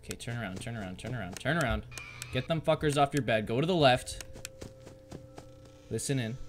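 A man's voice: mid-range voice, brisk, a little hiss or hum. A man doing let's-play commentary, frantic and swearing as he barks orders at the game. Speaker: gamer.

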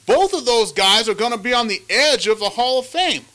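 Male sports host, high and bright, emphatic analysis chat. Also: animated, fairly quick. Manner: emphatic, leads the questions.

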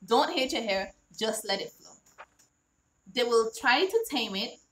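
Woman, book author, casual vlog, earnest, crisp bright tone. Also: fairly high pitch, lively intonation, a little slow, poor audio. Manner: earnest, repeats "all right?" and "right?" to check in; reads her book aloud, then explains each line.

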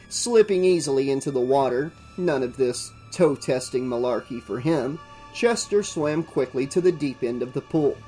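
A channel host reading a horror novel aloud in steady audiobook narration. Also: medium pitch. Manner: steady storytelling read.

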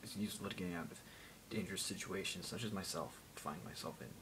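A man's voice: sits low, fast talker, noisy background. A teenage boy rambling jokily into a phone camera, going off on random tangents. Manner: random, jokey, self-mocking, mutters asides. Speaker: vlogger. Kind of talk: rambling casual vlog.

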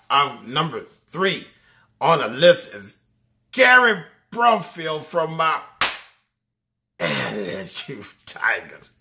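A man's voice: on the high side, pushed and bright. A man talking college football casually, enthusiastic, laughing often and repeating his words. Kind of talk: casual sports talk.

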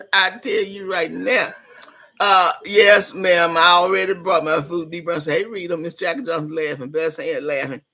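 A woman hosting a casual livestream, reading out viewers' comments with loud, rowdy laughter and party banter. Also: lowish voice, steady tone, normal speed. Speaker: livestream host.

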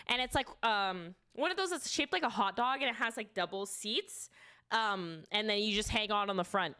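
A young woman telling a funny story in casual chat, animated, full of "like" fillers and swearing. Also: a little high, moderate pace, clean tone. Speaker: streamer.

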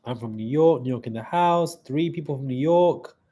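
A man's voice: mid-range voice, normal speed, mellow, husky, dull audio. A man hosting a live stream in a casual chat, reading out viewer comments, thanking viewers and answering them on the fly.

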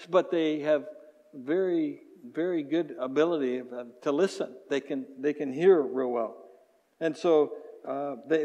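A man preaching a sermon as pastor, animated and chuckling often, acting out little voices. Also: on the high side. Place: church sanctuary. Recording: church hall reverb.

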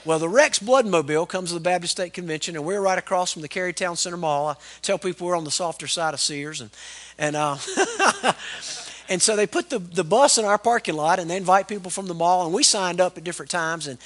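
A middle-aged pastor delivers a fervent sermon. His voice sits notably high for a man, and he keeps drawing the congregation in with calls of "amen?". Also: quick pace, fairly bright tone. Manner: fervent preaching with call-and-response "Amen?".

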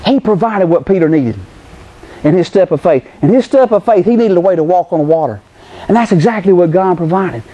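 A middle-aged male pastor preaching with animated energy. His voice sits fairly high. He acts out the people he quotes with lively jumps in pitch. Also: a little fast, dry recording. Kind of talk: sermon.

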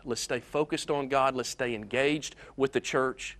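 A man preaching a sermon, telling a story earnestly and swinging between loud and soft passages. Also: medium pitch, steady tone, unhurried.

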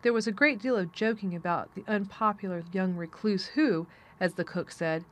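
Woman narrating a classic novel. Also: mid-range voice. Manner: steady, measured storytelling. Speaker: audiobook narrator. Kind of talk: scripted narration.

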